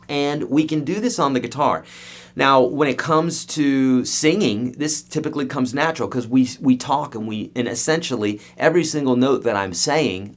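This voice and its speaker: A man teaching guitar in a live-streamed online lesson, talking emphatically and straight to his viewers. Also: mid-range voice. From United States.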